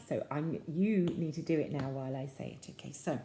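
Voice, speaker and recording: A woman's voice: low voice, lively intonation, normal speed, hardly any pauses, warm tone, echoey room, slight background noise. A woman reading a picture book aloud to children in a playful, sing-song way, often asking them questions. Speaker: children's storyteller.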